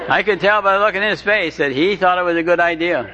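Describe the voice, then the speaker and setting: A man's voice: high voice, quick pace, a crowd in the background. A man telling his recovery story with wry, self-deprecating humor, often stumbling and restarting his sentences. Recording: dull lo-fi recording with faint hiss.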